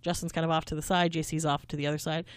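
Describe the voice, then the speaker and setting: A woman's voice: low-pitched, little pitch movement, rapid-fire, clear, resonant tone, no room sound. A woman co-hosting a podcast, chatting in a rambling, giggly way. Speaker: podcast co-host. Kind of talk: casual chat.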